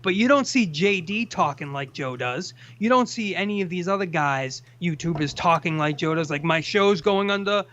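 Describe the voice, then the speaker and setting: A man's voice: on the high side, animated, normal speed, hardly any pauses, a bit bright, slight background noise. A man hosting a casual call-in chat, ranting with plenty of profanity. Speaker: host. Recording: dull lo-fi sound.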